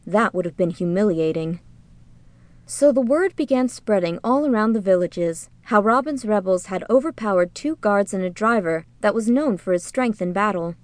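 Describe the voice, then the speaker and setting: A woman works as an audiobook narrator, reading a storybook aloud in scripted narration with a measured, even delivery at a middle pitch. The audio is close and dry, free of room sound.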